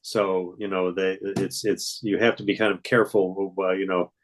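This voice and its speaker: A man's voice: deep voice, level tone, moderate pace, a little hiss or hum, rough recording. An older man, a voice actor, telling stories in a rambling, hesitant way during a casual interview. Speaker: voice actor guest.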